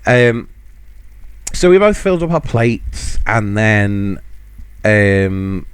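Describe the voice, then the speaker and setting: A man's voice: on the low side, very animated, takes it slowly, clean tone, dry recording. A man hosting a podcast, chatting casually and laughing often as he tells a story. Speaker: podcast host.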